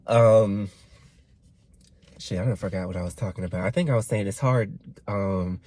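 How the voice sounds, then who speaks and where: A man's voice: medium pitch, a little mellow, no room sound. A man in his twenties, getting over a cold, ranting candidly to camera in a casual vlog and swearing freely. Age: 20s. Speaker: vlogger.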